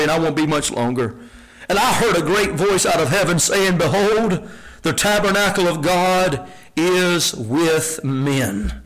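A male preacher delivering a sermon in a high voice. He reads scripture with passion, climbing to shouted peaks and sinking to a hushed near-whisper. His tone is bright and forceful. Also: low-quality recording. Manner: impassioned, rises to shouted peaks, then drops low and hushed.

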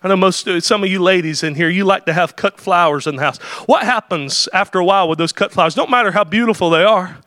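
High-voiced, impassioned shouting preacher. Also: male voice, quick pace, few pauses, dry recording. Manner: impassioned, often shouting, frequent "oh" interjections. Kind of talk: sermon.

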